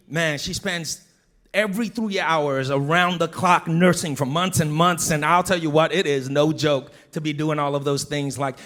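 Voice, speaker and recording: A man in his thirties, a pastor, preaching a sermon in a conversational, animated way. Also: fairly high pitch.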